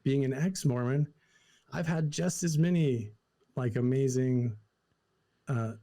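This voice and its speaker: Young adult man from Idaho, podcast guest; mellow, relaxed voice, casual animated storytelling. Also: medium pitch, slow. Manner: animated, lots of "like" fillers, acts out quotes.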